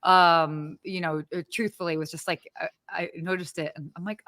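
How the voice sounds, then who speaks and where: A woman's voice: lowish voice, fairly even intonation, normal speed, bright, forceful tone, no echo. A woman co-hosting a live podcast from her apartment, chatty and exclamatory with lots of fillers. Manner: bubbly, exclamatory, many fillers. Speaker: podcast co-host. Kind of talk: casual live-stream chat. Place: home apartment.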